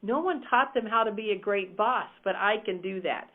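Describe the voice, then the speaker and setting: A woman's voice: medium pitch, moderate pace. An upbeat woman trainer talks emphatically and directly as she walks her listeners through a lesson. Her voice comes through a narrow, tinny phone line. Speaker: real estate team coach. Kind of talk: teaching a coaching call.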